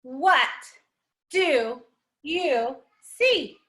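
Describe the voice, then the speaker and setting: A woman leading a children's yoga lesson, animated and encouraging, with sing-song storybook chanting as she greets kids by name. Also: high-pitched, extremely slow. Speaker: kids' yoga teacher.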